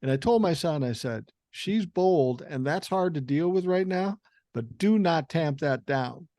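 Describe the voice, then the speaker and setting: An older man hosts a podcast in a relaxed, blunt way, swearing freely and stumbling over the first words of a thought. His voice sits a little high for a man and sounds dry and close to the mic. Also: a little slow, no echo. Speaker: podcast host. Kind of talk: casual conversational interview.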